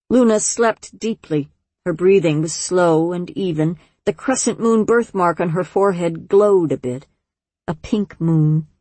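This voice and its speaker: A woman narrating a storybook in a measured, gentle reading voice, close to the mic. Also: lowish voice, no room sound. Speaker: audiobook narrator. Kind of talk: scripted narration.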